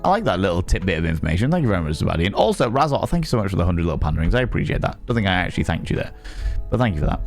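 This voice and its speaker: A man with a West Country accent chatting casually on a live stream, reacting to chat with quick, sweary asides. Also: low-pitched, big pitch swings, creaky, faint music behind. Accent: West Country English.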